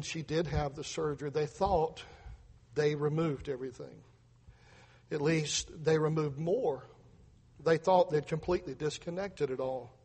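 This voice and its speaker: A middle-aged man delivers an earnest testimony sermon, retelling events with repeated words and acted-out voices. His voice sits high and sounds husky. A long reverb trails behind him. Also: a little mellow. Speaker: preacher, father telling testimony.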